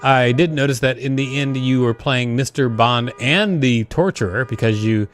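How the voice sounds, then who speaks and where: A man's voice: medium pitch, moderate pace, faint music behind. A man hosting an online talent show, loose and chatty, with plenty of fillers. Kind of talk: casual hosting banter.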